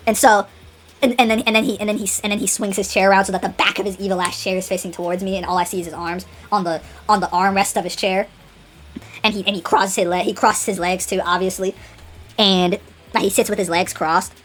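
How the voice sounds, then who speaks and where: A woman's voice: mid-range voice, fairly even intonation, quick pace, a bit bright, soft background music. A woman narrating a story casually, rambling with many restarts and dramatic asides.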